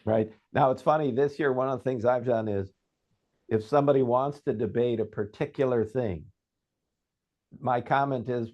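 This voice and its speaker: A man's voice: mid-range voice, normal speed. A man hosting an interview podcast, speaking in an affirming, conversational way. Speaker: podcast host, vocal coach. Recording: dull, slightly muffled audio.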